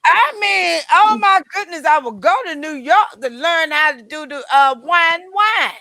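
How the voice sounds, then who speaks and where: Casting note: high, bright woman preacher-host, unhurried, playful with her audience, dry close sound. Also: creaky, dry recording. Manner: animated, teasing, addresses viewers as y'all and honey. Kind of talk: casual interview chat.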